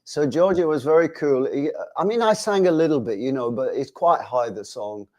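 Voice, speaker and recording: A man in his sixties chats through his stories as an interview guest. He talks at a mid pitch and brings the people in his anecdotes to life. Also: expressive, normal speed, a little mellow. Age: 60s. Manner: chatty anecdotal, acts out quotes. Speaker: guest musician. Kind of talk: casual interview storytelling.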